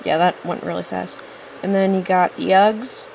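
A woman's voice: fairly low pitch, steady tone, moderate pace, creaky, darkish tone, slight background noise. A woman giving casual, rambling gameplay commentary, chatty, often apologizing and getting impatient with the game. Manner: apologetic asides. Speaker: let's-play host.

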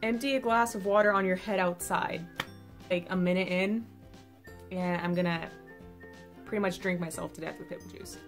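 A woman's voice: fairly low pitch, fairly even intonation, moderate pace, pauses often, faint music behind. A young woman YouTuber chatting casually to camera, bubbly and self-mocking.

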